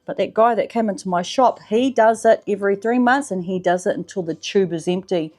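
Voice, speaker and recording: A woman with a New Zealand accent telling her own story in a loose, chatty vlog style. She swears freely and leans on slang. Her voice sits in a middle pitch and at times drops to a soft, hushed tone. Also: brisk. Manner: drops to a soft, low voice in the spiritual parts. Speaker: vlogger. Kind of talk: casual personal testimonial.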